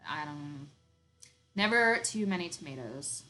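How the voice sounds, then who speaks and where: A woman with a fairly low voice and a light Southern Arkansas twang chats casually on a homesteading live stream. She rambles, laughs easily and drops in plenty of ums. Faint music plays behind her. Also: lively intonation, measured pace, bright, forceful tone, low-quality recording. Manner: chatty and rambling, laughs often, many ums. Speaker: homesteading channel host.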